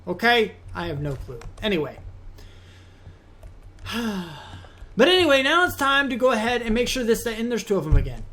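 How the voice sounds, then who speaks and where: A man's voice: very high-pitched, very animated, moderate pace, pauses often, bright, forceful tone. A man hosting a modded game let's play, talking casually through his gameplay with rambling asides and easy exasperation.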